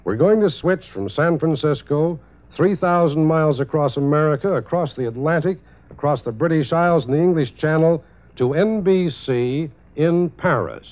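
Man reading 1940s radio news over a tinny line. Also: fairly high pitch. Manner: measured, declamatory newscaster delivery. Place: conference city studio or booth. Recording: tinny, narrow-band 1940s radio broadcast.

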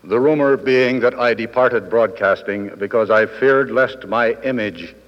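A man in his fifties giving a formal convention speech with dry wit and measured, deliberate pauses. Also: mid-range voice. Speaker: guest speaker at a convention. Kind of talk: formal after-dinner speech. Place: large hotel ballroom. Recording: old 1960s broadcast recording, dull, with long hall reverb.

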